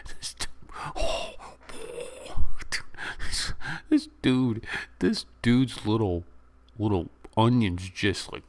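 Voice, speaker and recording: A man with a very deep voice talks through a movie he loves, rambling and excited as he retells the scenes. He keeps slipping into quick acted-out lines from the characters. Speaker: movie reviewer. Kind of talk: casual movie review.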